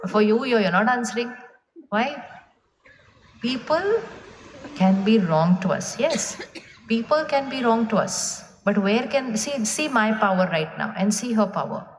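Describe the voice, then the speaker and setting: A woman giving a spiritual talk to a live audience, asking them questions and waiting for their answers. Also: mid-range voice. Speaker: spiritual speaker. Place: large hall with an audience. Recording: echoey hall, faint room noise.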